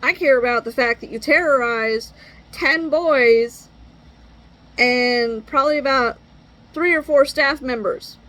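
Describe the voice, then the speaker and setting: A woman's voice: high-pitched, measured pace, fairly bright tone, poor audio. A middle-aged woman venting in an exasperated, blunt monologue and swearing freely. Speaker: parent venting.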